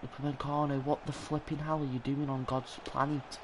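A young man talks over his gameplay in an exasperated stream of muttering and swearing. His pitch sits in the middle for a man. A clear hiss runs under the recording. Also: level tone, a little fast. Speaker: gaming channel host. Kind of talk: live gameplay commentary.

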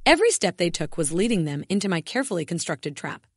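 A woman's voice: lowish voice, very animated, fast talker, husky, no echo, clean studio sound. A woman giving a scripted first-person narration of a revenge story, in a cold, determined manner.

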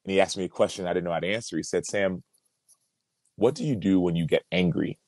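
A man with a very low, deep voice tells a personal story as a podcast guest. He speaks earnestly and reflectively, circling back on words as he works through a thought. The sound is dry and close, with no room in it. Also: fast, a little mellow, no echo. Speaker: podcast guest, former pro football player.

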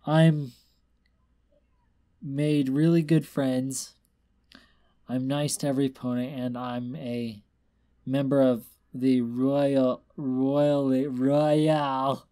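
A man puts on a tipsy young pony mare from a storybook reading, pitched well above his own voice and a little louder. She slurs, stammers and pities herself, with a dark, mellow tone underneath. It is his own voice pushed higher. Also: level tone, extremely slow, long pauses, clear, resonant tone. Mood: weepy. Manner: slurred, self-pitying, stammering.

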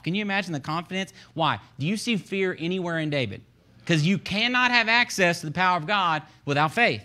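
A Texan man preaching a sermon, telling the story with lively energy and acting out the people in it. His voice is bright and forceful and sits a little high for a man. He reads scripture aloud and builds toward shouting at the close. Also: fairly quick. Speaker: pastor.

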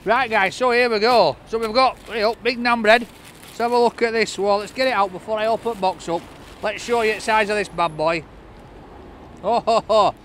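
A man with a high voice talks through a takeaway box in a casual vlog. He is cheerful and chatty and laughs often. He is outdoors, with faint street noise behind him. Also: steady tone, moderate pace, a bit bright. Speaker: food reviewer.

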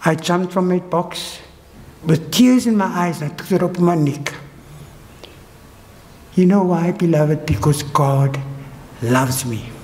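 South African male preacher, high voice, urgent-to-hushed testimony delivery, long church reverb. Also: unhurried, long pauses. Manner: emotional testimony, swinging between high urgent and low hushed phrases. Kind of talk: sermon. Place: church hall.

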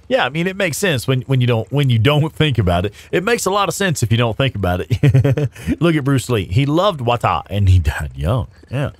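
A man's voice: medium pitch, big pitch swings, moderate pace, no room sound. A man hosting a casual gaming livestream while getting over a cold, laughing often and swearing freely. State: sick with a cold. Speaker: streamer host.

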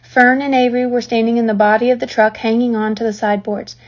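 A woman reading a children's book aloud, telling the story in a lively, expressive way. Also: fairly high pitch, fast talker. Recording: dull lo-fi recording.

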